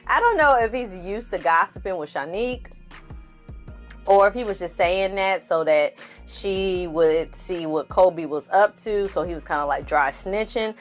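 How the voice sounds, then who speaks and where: A woman's voice: fairly low pitch, a little slow, faint music behind. A woman hosting a casual reality TV recap, laughing often, swearing freely and calling her viewers "y'all" and "honey.". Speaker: TV recap host.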